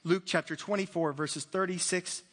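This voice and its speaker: A man preaching a sermon, telling the story in an animated way with playful asides and voiced characters. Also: sits high, normal speed, long reverb tail. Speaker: pastor.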